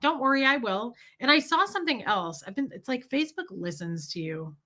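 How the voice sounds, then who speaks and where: A woman's voice: on the high side, lively intonation, a little fast, sharp tone. A woman in her forties hosting a casual livestream, telling personal stories candidly with a sassy edge. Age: 40s. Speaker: livestream host.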